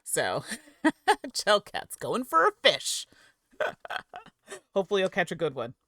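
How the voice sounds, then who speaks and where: A woman's voice: medium pitch, huge pitch swings, slow, fairly bright tone, dry recording, clean studio sound. A woman hosting a live game stream, chatting with viewers, explaining rules, giggling and tripping over words at a home streaming setup. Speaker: streamer and host.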